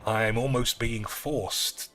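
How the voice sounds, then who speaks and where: Dude streaming a card game, bright edgy voice, swears a lot, faint music behind. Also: male voice, medium pitch, steady tone, slow. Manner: rambling, sweary, offhand. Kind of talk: casual live-stream chat while gaming.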